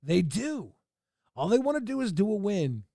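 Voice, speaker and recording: Gravelly man chatting on a livestream. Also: high-pitched, very animated, moderate pace, warm tone, no echo, clean studio sound. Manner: rambling, laid-back, chuckling asides. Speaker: livestream host. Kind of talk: casual stream commentary.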